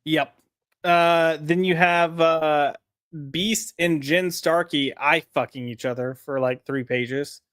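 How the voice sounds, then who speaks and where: A man's voice: a little high, steady tone, takes it slowly, a bit bright, clear, resonant tone, no echo, studio quality. A man co-hosting a casual comic review chat, sarcastic and mocking as he talks.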